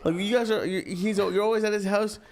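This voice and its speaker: A man talking casually in halting bursts full of fillers. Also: sits high, steady tone, a crowd in the background. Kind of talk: casual chat.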